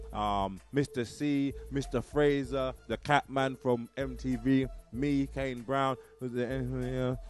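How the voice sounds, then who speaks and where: A man of middling pitch rambles cheekily to camera, plugging a comedy night and swearing as he goes. Faint music sits behind him. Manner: rambling, cheeky, swears, talks with his mouth full. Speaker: comedian promoting the show. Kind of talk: casual chat to camera.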